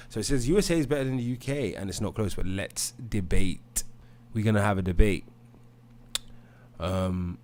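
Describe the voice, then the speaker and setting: A man's voice: on the low side, a little mellow. A young British man hosting a casual live stream, reading viewer comments aloud and hyping the chat. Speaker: livestream debate host.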